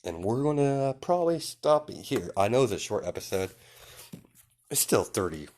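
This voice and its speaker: A man's voice: lowish voice, sing-song, moderate pace, a little mellow. A man casually telling an improvised story, rambling and filling his speech with "you know" and "um".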